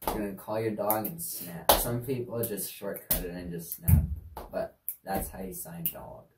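A woman with a bass voice demonstrates sign language signs for a kids' lesson at a normal speed, chatty and easygoing, tossing in offhand asides. The recording is very noisy, made with a distant mic in an echoey room.

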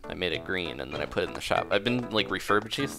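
A man's voice: deep voice, expressive, quick pace, creaky. A man giving easygoing, rambling commentary over his own gameplay, chuckling often and reading the game's dialogue aloud in playful voices. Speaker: game commentator. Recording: game music playing under voice. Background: game music.

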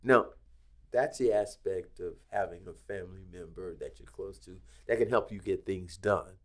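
With a low voice and normal pace, a podcast guest who works as a casino executive in Las Vegas recounts a story. He animates it by voicing the other people's lines himself.

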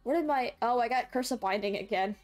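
With faint music in the background, a young woman delivers live gameplay commentary in a fairly high voice that moves a little fast. She's playful and laughs a lot, squealing as chat trolls her.

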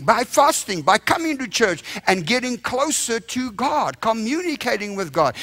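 A male evangelist preaching a revival sermon in a church, impassioned and emphatic with sudden loud bursts. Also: high voice.

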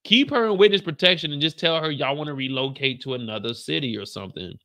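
A man's voice: fairly high pitch, fast talker. A young man hosting a casual reaction show, recapping an episode and acting out scenes in voices. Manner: animated, acts out scenes in voices.

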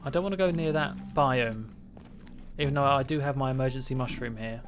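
A man gives live gameplay commentary in a voice of ordinary pitch, chatty and quick to make fun of himself. He talks to the creatures on screen and to his chat as he goes, with game music clearly playing behind him. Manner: playful and self-mocking. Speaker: streamer.

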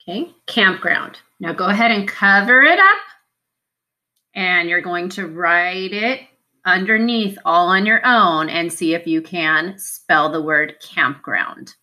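A woman's voice: lowish voice, sharp tone. Patient woman teaching spelling. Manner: slow, patient, sounding out letters and syllables. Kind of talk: spelling lesson to young students.

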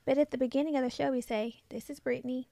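A woman's voice: sits high, steady tone, fast, creaky, warm tone, dry recording, studio quality. A woman with a small, sweet voice co-hosting a podcast in casual chat, goofy and frank. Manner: goofy, frank, swears freely. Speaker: podcast co-host.

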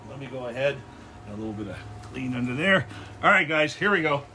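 A man's mid-range voice, lively in intonation and quick, carries over a noisy background as he hosts a casual cooking livestream outdoors in his backyard grilling area. He's upbeat and jokey, talking with viewers as he cooks.

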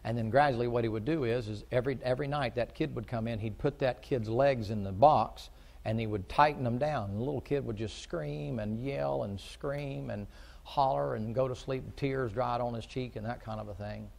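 Folksy preacher with a gravelly voice. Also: male voice, medium pitch, normal speed. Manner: folksy, swings from quiet storytelling to loud preaching. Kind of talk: sermon.

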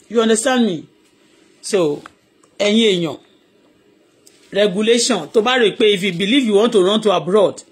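A slightly high voice with a breathy edge belongs to a middle-aged Nigerian woman, Yoruba her first language. Hosting a live audio blog, she gives impassioned commentary in a heated, rambling rant, switching back and forth between Yoruba and English.

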